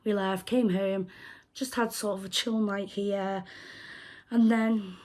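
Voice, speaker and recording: A young British woman vlogging, telling a story in a casual, animated way and acting out the people she quotes. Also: mid-range voice, slow pace. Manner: animated retelling, acts out quoted voices. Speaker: crochet vlogger.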